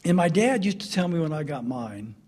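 A middle-aged man preaching through a family story, swinging from loud laughter to hushed earnestness. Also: fairly high pitch, very animated, a little fast, breathy edge. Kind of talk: storytelling sermon.

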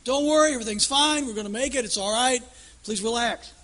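A man playing an airline captain who calmly reassures his passengers over and over. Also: very high-pitched, fast, voice pushed up. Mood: reassuring. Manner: repeated soothing announcements.

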